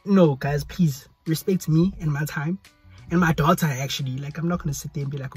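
A man's voice: on the high side, fairly even intonation, brisk, darkish tone, slightly rough, soft background music. A young man with a South African accent, chatting casually to his phone's selfie camera in a rambling vlog. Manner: chatty, rambling, repeats pleas. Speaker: YouTuber. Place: hot indoor room.

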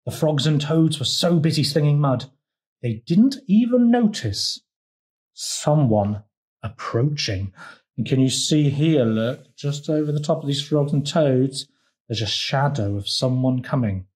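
Lively man reading a picture book aloud. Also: fairly high pitch, a little slow. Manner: lively, asks the children questions. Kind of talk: children's storytime read-aloud.

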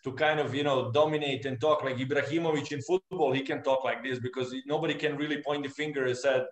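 A man speaking bluntly about the sport, voice bouncing around an echoey room. His pitch is ordinary and mid-range. He sounds direct and opinionated. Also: fairly even intonation, fast. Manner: frank, opinionated. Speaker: guest, tennis coach. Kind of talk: casual video conversation.

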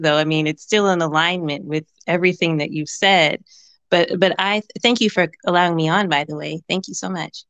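A woman's voice: lowish voice, no echo. A woman calling in to a talk show, speaking earnestly and repeating words as she works out her point. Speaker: caller. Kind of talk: call-in conversation.

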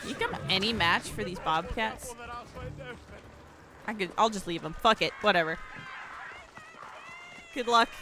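A woman streaming a video game, commenting on her play in an excitable way, swearing freely and laughing often. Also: medium pitch, moderate pace, long pauses. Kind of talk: live gameplay commentary.

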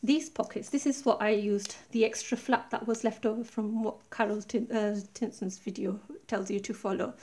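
This craft tutorial maker has a mellow, medium-pitched voice and speaks at a normal speed with few pauses. Her casual show-and-tell walkthrough is chatty and relaxed as she points things out step by step, captured by a tablet camera set high over the desk.

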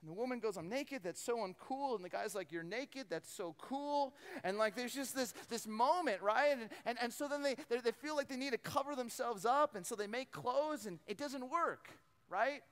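A man preaching a storytelling sermon, animated, acting out voices and often repeating words as he goes. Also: very high voice, brisk, few pauses. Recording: long hall reverb.

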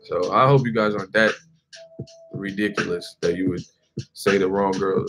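A man's voice: sits low, fairly even intonation, moderate pace, pauses often, music in the background. A man in his forties, host of a boxing channel, ranting casually to camera with jokes and laughter. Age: 40s. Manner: joking, acts out quoted voices, laughs often.

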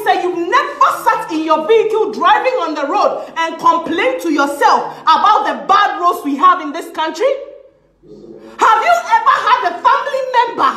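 A woman's voice: very high voice, pushed and bright. A woman from Ghana with a Ghanaian English accent, delivering an indignant, sarcastic rant to camera, repeating phrases for emphasis and slipping into Twi. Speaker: vlogger. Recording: echoey room.

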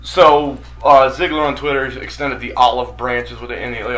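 Bright-voiced swearing radio host. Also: male voice, mid-range voice, steady tone, fairly quick, few pauses, rough recording. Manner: profane, rambling, storytelling. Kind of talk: casual wrestling talk radio chat.

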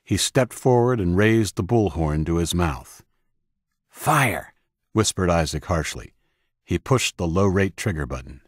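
Deep-voiced male audiobook narrator. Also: no echo, studio quality. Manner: steady, measured reading of action scenes. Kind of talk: scripted narration.

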